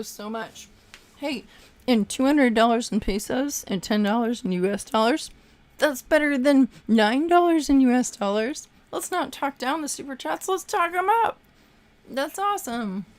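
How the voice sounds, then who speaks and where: A woman's voice: fairly high pitch, darkish tone. Chatty woman hosting a livestream. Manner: chatty and effusive, thanking viewers. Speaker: livestream host reading super chats. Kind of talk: casual livestream chat.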